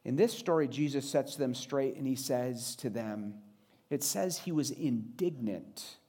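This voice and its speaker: A man preaching a sermon in an earnest way, shifting his pace and pitch for emphasis. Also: unhurried, dark tone. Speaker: pastor.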